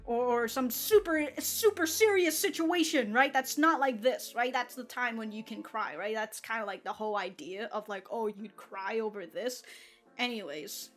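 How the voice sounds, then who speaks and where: A woman with a fairly high voice talks through an anime episode in loose, rambling commentary. She laughs often and drops casual swears as she goes. Soft music plays faintly underneath. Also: normal speed. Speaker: anime reaction channel host.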